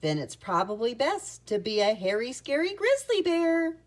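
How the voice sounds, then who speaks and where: A woman voicing a gentle, shy grizzly bear cub. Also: on the high side, big pitch swings, moderate pace, pitched above the performer's own voice. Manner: soft, sniffly and shy. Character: gentle, lonely young male grizzly bear. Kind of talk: storybook read-aloud.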